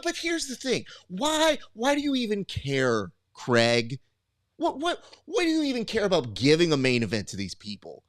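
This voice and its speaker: A man doing a boastful, taunting trash-talker who swings his voice up and down for effect. The pitch sits a little high and rises to mock. The sound is dry and close. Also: fairly bright tone, no echo. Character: gravelly brash male fight promoter doing trash talk. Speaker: host.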